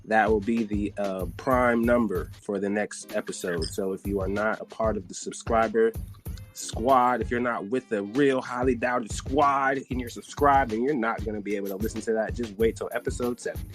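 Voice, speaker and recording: A man hosting a podcast from a studio, talking loud and hyped in casual chat and swearing freely. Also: fairly low pitch, steady tone, moderate pace, faint music behind. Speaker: podcast host. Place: recording studio.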